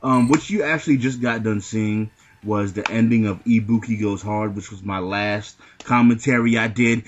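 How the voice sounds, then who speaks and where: A man giving live fighting-game commentary, boasting and trash-talking the opponent with heavy profanity, often shouting. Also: on the low side, moderate pace, few pauses, a little hiss or hum. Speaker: gameplay commentator.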